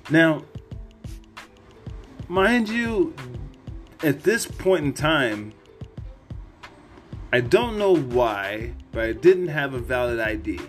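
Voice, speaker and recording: A man's voice: mid-range voice, very animated, takes it slowly, pauses often, soft background music. A man hosting a podcast, telling a personal story in a candid, rambling way with plenty of cursing. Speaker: podcast host.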